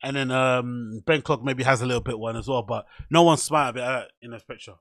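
A man's voice: mid-range voice, steady tone, fairly quick, fairly bright tone, dry recording, studio quality. A man hosting a casual solo podcast, chatty and self-mocking. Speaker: podcast host.

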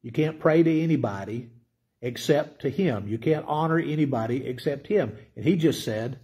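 A man's voice: medium pitch, moderate pace, dark tone, husky. A middle-aged man giving a conversational Bible teaching sermon, often asking his listeners questions. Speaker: pastor.

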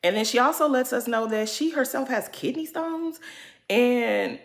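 Speaking straight to her viewers and calling them "girl," a reality TV recap vlogger gives sassy, blunt commentary on an episode. Her voice is fairly high and her pace is moderate.

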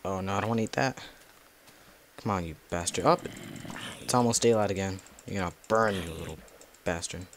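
Guy rambling thru a game video, kinda low voice, mutters and cusses at mobs, faint hum behind. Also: brisk, long pauses. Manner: rambling, talks to himself and cusses at monsters. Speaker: gameplay video creator. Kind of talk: casual gameplay commentary.

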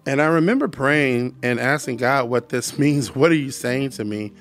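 An earnest man tells his personal testimony at a mid-range pitch and repeats key lines for emphasis. He falls into a preacher's cadence when he quotes scripture. Soft music plays faintly underneath. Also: moderate pace. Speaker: podcast guest.

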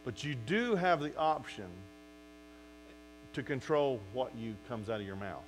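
A man's voice: mid-range voice, measured pace, slight background noise, poor audio. A male pastor preaching a sermon, acting out quotes from his listeners and talking straight to them. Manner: animated preaching with acted-out quotes.

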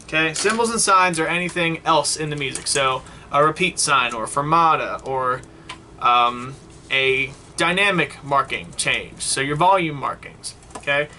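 A man's voice: on the high side, a little slow, sharp tone, slight background noise. A man teaching a saxophone lesson, explaining step by step and often checking in with "okay?" and "right?". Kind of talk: online music lesson.

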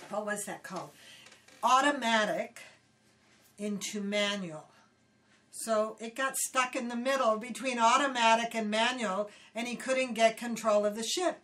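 An older woman from Hawaii, casually telling animated stories in an interview and acting out quoted voices. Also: a little high, unhurried. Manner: animated, acts out quotes loudly, laughs often. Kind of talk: casual storytelling. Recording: voice somewhat distant from the mic.

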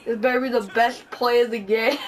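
A woman's voice: on the high side, measured pace, far from the mic, poor audio. A young woman giving casual gameplay commentary, laughing often and swearing at her own plays. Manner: giggly, laughs often, swears while playing. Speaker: gaming channel host.

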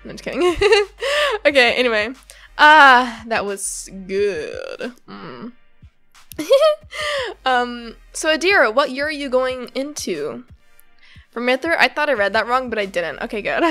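A woman's voice: on the high side, animated, slow pace, pushed and bright, faint music behind. A woman reading a comic aloud and reacting casually, bubbly and giggly, gushing about the characters and rambling with lots of fillers.

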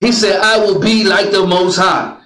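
A man's voice: high voice, little pitch movement, moderate pace, a bit bright. A man teaching the Bible to a class, calling out verses for a reader and joking with the group. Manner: calls out commands to a reader, jokes with the crowd. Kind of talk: preaching lesson to a class. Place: meeting room with a group. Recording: roomy echo.

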